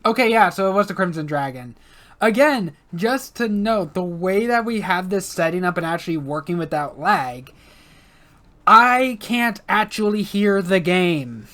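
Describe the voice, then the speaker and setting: A man co-hosting a let's play, chatting casually in halting speech full of fillers. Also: sits high, lively intonation, pushed and bright. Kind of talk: casual gaming chat.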